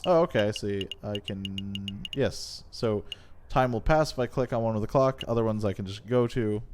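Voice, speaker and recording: A young man giving casual gameplay commentary, relaxed and rambling with many fillers. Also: lowish voice, moderate pace, slight background noise. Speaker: let's play host.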